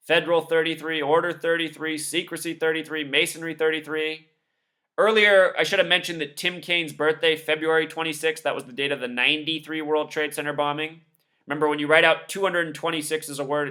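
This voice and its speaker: A man with a high-leaning voice and a bright, forceful tone does a commentary monologue over news clips. He is scornful and emphatic, rattling off one number after another.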